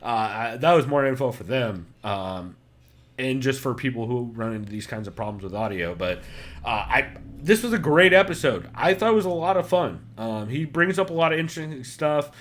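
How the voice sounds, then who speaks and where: A man's voice: mid-range voice, expressive, a little fast, fairly bright tone, slight background noise. A man hosting a casual podcast, talking loosely with lots of fillers and swearing. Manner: loose and profane, many fillers. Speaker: podcast host.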